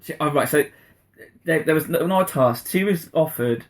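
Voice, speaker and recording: A man co-hosting a casual podcast, retelling stories in a lively way and laughing a lot. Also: fairly high pitch, normal speed. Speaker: podcast co-host. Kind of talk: casual chat.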